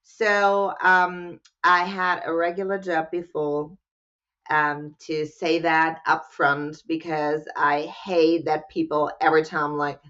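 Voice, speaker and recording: A woman's voice: deep voice, little pitch movement, takes it slowly, a bit bright, dull audio. A woman from Germany with a German accent, chatting as a podcast guest in a bubbly, candid way and laughing often. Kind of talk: casual interview chat.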